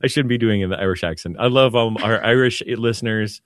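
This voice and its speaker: A man, a Catholic priest, co-hosting a radio talk show and speaking in a calm, reflective way. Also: fairly quick, no room sound, studio quality. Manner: calm, reflective, lowers his voice to soothe. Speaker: priest co-host.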